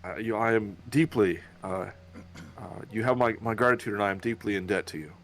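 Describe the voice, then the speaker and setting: A nervous, devout male pilgrim, as a player puts him on in a tabletop game. He stammers and trips over his own words, with formal, humble phrasing, and his voice sits somewhat low. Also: fairly quick, a bit bright, natural voice. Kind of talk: tabletop game role-play.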